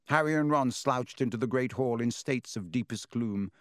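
A man narrating a storybook in an even, measured reading. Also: medium pitch, no room sound, clean studio sound. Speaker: audiobook narrator.

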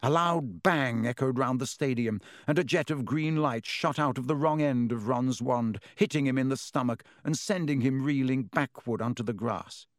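A man narrating an audiobook with expressive, clear storytelling into a close mic. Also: medium pitch, moderate pace, few pauses, no room sound.

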